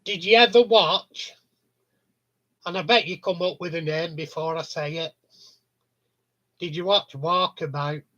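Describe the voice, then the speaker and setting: A man's voice: fairly high pitch, a little slow, long pauses, bright, forceful tone, muffled recording. A man chatting casually on a live stream, telling rambling stories with frequent chuckles. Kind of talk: casual chat with viewers.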